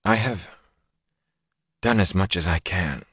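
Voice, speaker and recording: A grim sorceress speaks in clipped, commanding tones, as a deep-voiced male narrator puts her on. The voice stays low and the storybook reading is dry and close. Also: normal speed, no room sound, natural voice. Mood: faint. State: exhausted, speaking faintly. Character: stern sharp-tongued woman sorceress healer.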